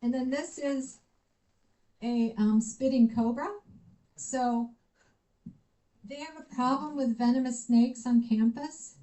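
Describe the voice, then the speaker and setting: Dark-voiced American woman telling stories. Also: high voice, slow, long pauses, poor audio. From United States. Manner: lively storytelling, acts out quoted dialogue. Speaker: visiting researcher giving a lecture. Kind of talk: conference talk with personal anecdotes. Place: university lecture room.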